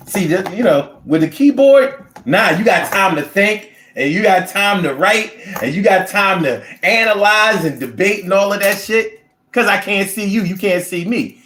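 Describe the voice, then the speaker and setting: A man hosting a casual show, talking to a live chat with animated, profane ranting, in a roomy-sounding space. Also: high voice, slight background noise. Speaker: show host. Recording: roomy echo.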